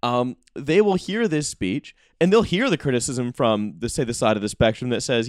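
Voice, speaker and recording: A man in a casual podcast discussion, wry, throwing in joking asides in quick bursts. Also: mid-range voice, expressive, darkish tone, smooth, dry recording, studio quality.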